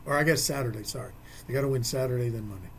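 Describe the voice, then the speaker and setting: A man's voice: mid-range voice, racing, a little hiss or hum. A man co-hosting a local sports radio show, talking casually with folksy, rambling asides.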